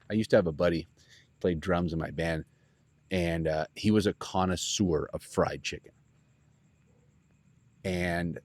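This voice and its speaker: A man with a deep, low voice tells a casual story as a podcast host. He rambles and gets animated, with plenty of "like" and "you know". The sound is dry and close. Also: dry recording. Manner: rambling, animated, lots of fillers.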